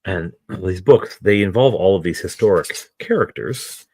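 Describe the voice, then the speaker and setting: A man with a low voice hosts a crafting stream and chats as he works. He wanders from story to story and jokes at his own expense. His voice sounds close and dry, with no room echo. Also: lively intonation, moderate pace, a little mellow, husky. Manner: meandering, self-deprecating. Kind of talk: casual chat while crafting.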